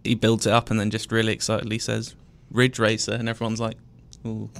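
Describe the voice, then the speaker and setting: A man's voice: on the low side, monotone, fast, vocal fry. A man on a podcast chatting casually in a laid-back way, laughing lightly as he recalls moments. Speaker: podcast co-host. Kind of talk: casual group chat.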